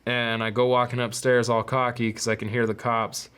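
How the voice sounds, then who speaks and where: A man's voice: medium pitch, little pitch movement, normal speed, a bit bright, clean tone. Candid young man recounting his past. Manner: candid, profane, acts out quotes in raised voices. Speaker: podcast host. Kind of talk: personal storytelling.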